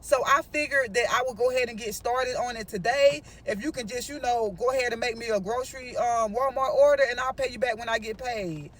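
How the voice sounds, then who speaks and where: A woman voicing her adult female cousin, pleading softly and sounding concerned, with the voice a little far from the mic. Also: a little high, fairly quick, few pauses, pitched below the performer's own voice, close to an everyday voice.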